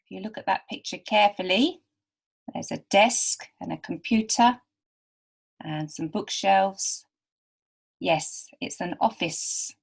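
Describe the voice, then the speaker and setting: A woman's voice: mid-range voice, slow pace, gravelly, pauses often, slightly rough. A woman teaching beginner literacy students, patiently sounding out and repeating words. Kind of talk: slow, careful teaching to beginners.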